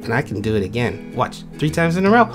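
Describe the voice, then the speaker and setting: A man's voice: medium pitch, very animated, fast, over music, lightly acted. A man voicing an overconfident male animal contestant who rambles and stalls. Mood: smug. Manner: smug, rambling.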